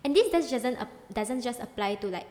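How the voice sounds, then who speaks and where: A woman's voice: on the high side, lively intonation, normal speed, darkish tone, big-room sound. A young woman hosting a podcast, talking frankly and emotionally in casual chat. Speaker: podcast host.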